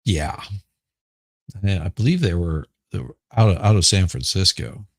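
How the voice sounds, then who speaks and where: A middle-aged man with a Southern accent, hoarse right now, chatting casually and rambling on a livestream. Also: sits low, lively intonation, no room sound. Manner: rambling, halting, repeats words. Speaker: livestream host. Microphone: headphones with mic.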